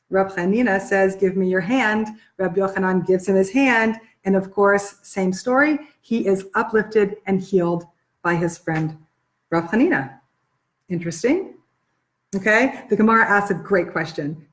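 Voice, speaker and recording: A woman who is a therapist, teaching a Talmud passage, retelling its stories with lively quoted dialogue and thinking aloud with restarts. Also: mid-range voice.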